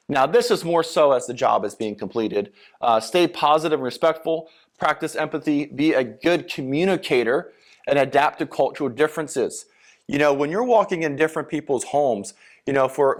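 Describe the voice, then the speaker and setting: A man from Philadelphia giving a sales seminar lecture, talking casually with many fillers and acting out sample sales lines. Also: on the high side. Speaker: sales trainer.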